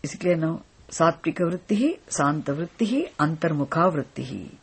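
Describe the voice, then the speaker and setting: A teacher giving a philosophy lecture in a deliberate way, often stopping to check that listeners follow. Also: medium pitch, animated, husky. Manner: deliberate, repeatedly checks understanding. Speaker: spiritual teacher.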